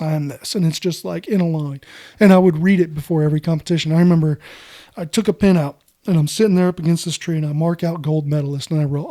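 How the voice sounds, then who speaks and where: A middle-aged American man, a podcast guest, tells a story in a casual, animated way and keeps saying "dude". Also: fairly high pitch.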